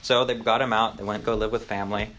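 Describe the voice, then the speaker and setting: A man's voice: lowish voice, little pitch movement, quick pace, fairly bright tone, a little hiss or hum. A young man teaching Sunday school, telling a story in a chatty, conversational way with asides. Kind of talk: casual storytelling lesson.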